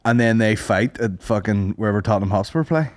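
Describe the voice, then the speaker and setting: A young Northern Irish man co-hosting a podcast, telling animated, sweary stories in casual chat. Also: fairly low pitch, a little fast, no echo. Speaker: podcast co-host.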